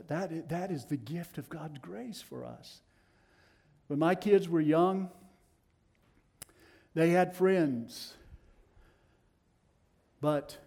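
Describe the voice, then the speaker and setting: With a Tennessee accent, a middle-aged preacher shifts between forceful, loud statements and quiet, low-voiced passages in his sermon.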